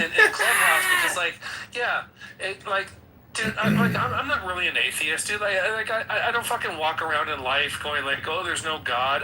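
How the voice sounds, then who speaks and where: A man's voice: high-pitched, sharp tone, slight background noise, low-quality recording. A man in casual chat on an audio chat room, swearing a lot and stammering through repeated words, emotional and tearful. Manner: profane, stammering repetitions, emotional.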